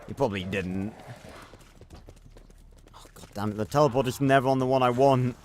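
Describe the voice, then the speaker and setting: A man's voice: mid-range voice, big pitch swings, moderate pace, pauses often, slight background noise. A man streaming a video game, giving casual, rambling commentary, thinking aloud and swearing freely.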